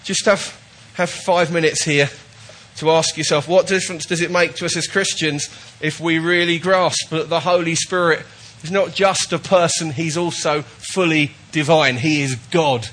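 Emphatic preacher man, somewhat high voice. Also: fairly even intonation, moderate pace, fairly bright tone. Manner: emphatic, repetitive, with false starts. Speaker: pastor. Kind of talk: sermon.

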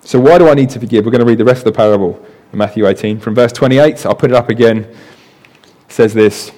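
A man's voice: medium pitch, quick pace, mellow. A man preaching a sermon in a conversational way, often adding "right" and repeating words as he explains.

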